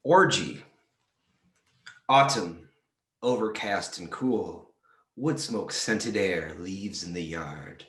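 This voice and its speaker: A man reading short comic prose aloud at a library storytime, with a dry, deadpan delivery. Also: low voice, takes it slowly, pauses often. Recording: roomy echo.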